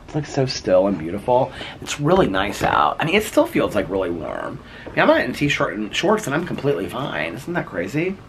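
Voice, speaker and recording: A man's voice: lowish voice, wildly swooping pitch, brisk, a bit bright, slight background noise. A man chatting playfully to his viewers while vlogging outdoors at home in the evening, rambling and laughing as he talks. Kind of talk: casual chat to camera.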